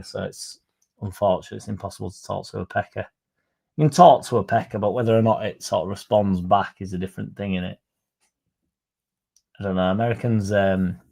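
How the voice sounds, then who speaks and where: A man's voice: fairly low pitch, vocal fry, mellow. A young man hosting a football fan livestream, chatting sarcastically and reading out viewer comments. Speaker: fan channel host.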